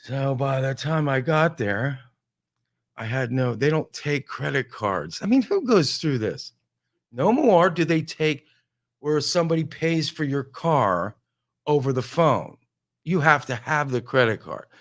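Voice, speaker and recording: A man telling a casual, animated comic story on a talk show, full of exasperation. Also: mid-range voice, unhurried.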